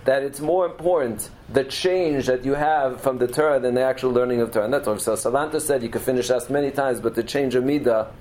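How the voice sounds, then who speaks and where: A man's voice: mid-range voice, fairly even intonation, brisk, hardly any pauses, darkish tone, rough recording. A middle-aged man giving a Torah lecture as a teacher, telling stories earnestly and mixing Hebrew and Yiddish terms into his English.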